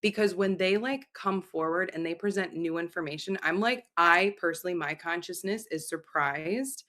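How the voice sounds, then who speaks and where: A woman's voice: fairly low pitch, normal speed, a bit bright. A woman hosting a live channeling session over a video call, talking loosely and casually and swearing freely. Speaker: host and channeler. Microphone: video call mic.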